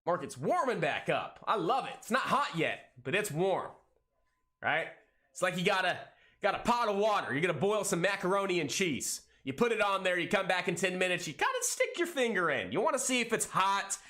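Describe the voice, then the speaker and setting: An excitable man streams live trading commentary, rattling off prices and cheering on his trades. His voice is bright and sharp with a slightly high pitch, and he hypes every move between corny jokes. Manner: excitable, hyped, jokey, calls out prices rapidly.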